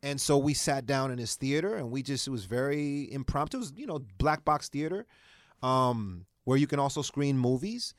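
A man, an actor guest, telling his story in a casual interview, animated and swearing freely as he acts out quotes. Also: medium pitch, normal speed, no echo, studio quality.

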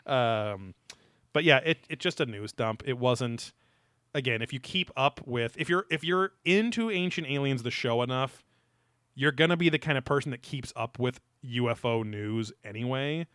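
A man rambles through a casual podcast chat, full of fillers and offhand swearing. His voice is bright and forward. The sound is dry and close. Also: mid-range voice, expressive, moderate pace, no room sound. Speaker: podcast co-host.

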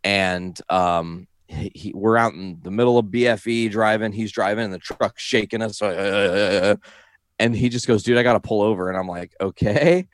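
A man's voice: fairly low pitch, unhurried, dry recording, studio quality. A young man telling a rambling, profane story in casual chat, often breaking into laughter as he talks. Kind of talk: casual anecdote.

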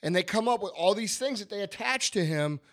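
A man's voice: high voice, expressive, brisk, a bit bright. A man, talking bluntly and emphatically on a podcast and swearing a lot. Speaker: podcast host, business owner. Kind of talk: casual podcast chat.

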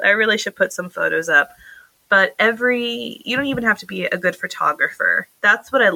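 A woman in her thirties chats on a podcast with a bright, ringing voice. She tells stories with animated energy, her pitch jumping up as she laughs. The sound is dry and close. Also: no echo, rough recording. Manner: animated, laughing storyteller with lively jumps in pitch. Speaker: podcast co-host. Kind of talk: casual chat.

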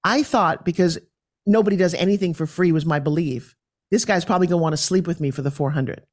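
A woman from New York, a podcast guest, telling her story in an animated and forthright way. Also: lowish voice, fast.

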